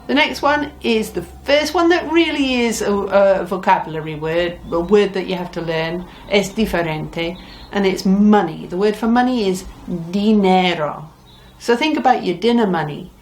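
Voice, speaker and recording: A woman teaching a language lesson, repeating each word slowly and mixing English with Spanish. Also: medium pitch. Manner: drills words slowly, repeats each one; cheerful, mixes English and Spanish.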